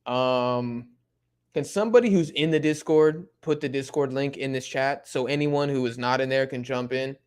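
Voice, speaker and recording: A young man casually chatting through a live football watch-along, reading and answering chat in relaxed slang. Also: medium pitch, moderate pace, clear, resonant tone. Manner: laid-back slang-heavy chatter, many fillers.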